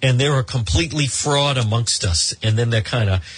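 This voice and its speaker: A man's voice: medium pitch, normal speed, slightly rough, no room sound. A man in his fifties giving a rambling, gossipy commentary monologue as a talk show host, with many ums and restarts.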